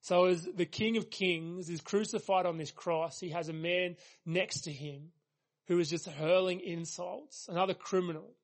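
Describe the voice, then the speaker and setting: A man with a high, light voice delivers a sermon with earnest conviction. He presses each point through repetition and builds emphasis line by line. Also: normal speed. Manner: earnest, emphatic preaching with repeated phrases. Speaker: pastor.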